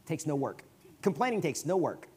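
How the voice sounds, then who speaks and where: A man with a Southern US accent, a guest preacher giving a conversational sermon in a church, swinging from quiet asides to emphatic, loud bursts. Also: fairly high pitch, very animated, normal speed, breathy edge. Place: church sanctuary.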